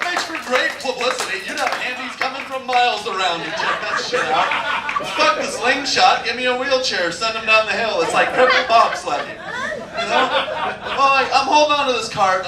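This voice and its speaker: High-voiced crude young man doing stand-up. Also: recorded from a distance. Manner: crude, rambling storytelling with many fillers. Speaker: stand-up comedian. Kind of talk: stand-up comedy set. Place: comedy club stage. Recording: echoey room recorded from afar, noisy.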